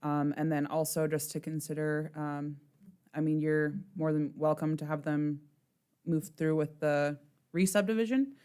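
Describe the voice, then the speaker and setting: A woman's voice: low-pitched, fairly even intonation, unhurried, warm tone, clear, resonant tone. A woman on planning staff answering the board in a matter-of-fact way, with a few ums. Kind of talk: staff briefing.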